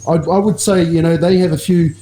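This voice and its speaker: Mellow New Zealand man, measured. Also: fairly high pitch, fairly even intonation, roomy sound, rough recording. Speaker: rugby podcast co-host. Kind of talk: casual chat.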